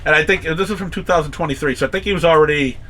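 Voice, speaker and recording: Chatty man with a bright voice. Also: fairly high pitch, racing. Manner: rambling, with many restarts and acted-out quotes. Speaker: comic shop owner and podcast host. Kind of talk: casual chat.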